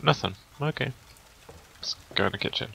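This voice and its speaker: A man's voice: mid-range voice, lively intonation, normal speed, vocal fry, bright, forceful tone, a little hiss or hum, poor audio. A man hosting a let's play with a cold, chatting casually and reacting aloud as he plays. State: has a cold, creaky voice. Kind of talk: casual gameplay commentary.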